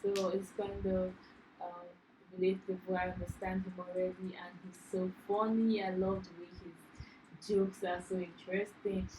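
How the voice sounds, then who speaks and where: A woman's voice: fairly low pitch, flat delivery, normal speed, warm tone, roomy sound, a little hiss or hum, low-quality recording. A woman co-hosting a reaction video, chatting with enthusiasm about a comedian. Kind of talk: casual reaction chat.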